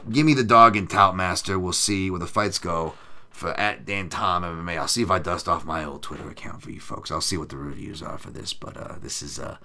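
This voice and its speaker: In a low, bright, forceful voice and at a slightly quick clip, a male podcast host gives his fight picks. The livestream talk is loose and profane, full of sarcasm and readings from the chat.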